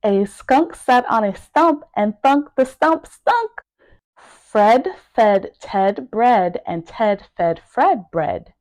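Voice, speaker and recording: A woman teaching English pronunciation, saying tongue twisters slowly and deliberately, word by word. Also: fairly high pitch, expressive, darkish tone. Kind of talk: pronunciation lesson.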